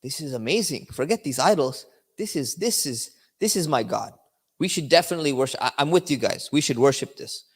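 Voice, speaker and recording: A man's voice: fairly high pitch, lively intonation, brisk, breathy edge. A man putting on a mocking ancient prophet. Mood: mock excitement. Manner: sarcastic, feigned enthusiasm then feigned disappointment. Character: ancient male prophet mockingly pretending to worship stars. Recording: long hall reverb.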